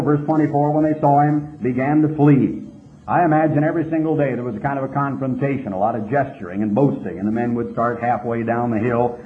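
A man's voice: mid-range voice, a little hiss or hum. A man teaching a Bible passage verse by verse, retelling the story with emphatic rises on key words. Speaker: preacher. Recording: tinny phone-like old tape.

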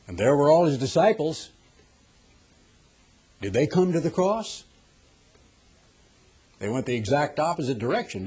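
A middle-aged man from the United States preaching a television sermon, husky, swinging from hushed to loud and pressing rhetorical questions. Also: fairly high pitch.

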